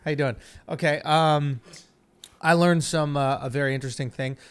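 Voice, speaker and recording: A man's voice: fairly high pitch, steady tone, moderate pace, smooth. A man in his thirties hosting a comedy podcast, telling a story animatedly and swearing freely. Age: 30s. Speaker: podcast host.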